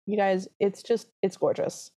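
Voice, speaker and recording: A woman co-hosting a podcast, gushing as she retells a film in animated storytelling. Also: mid-range voice, unhurried, slightly rough. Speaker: podcast co-host. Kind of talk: casual film recap chat.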